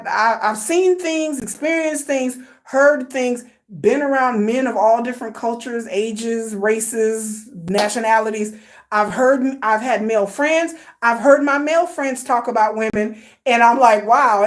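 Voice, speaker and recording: An older woman hosting a livestream, talking bluntly and emphatically in casual slang, firing off repeated rhetorical questions at her viewers. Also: a little high. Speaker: host. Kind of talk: livestream commentary rant.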